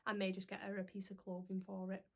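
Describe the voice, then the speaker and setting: A woman's voice: medium pitch, completely flat delivery, fast talker, creaky. A young woman, chatting casually to camera as a parenting vlogger, rambling with lots of "um"s.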